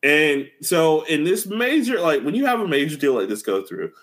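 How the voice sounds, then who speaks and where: A young man co-hosting a casual gaming podcast, jokey and animated, acting out quotes in voices. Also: fairly high pitch, moderate pace. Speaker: podcast co-host.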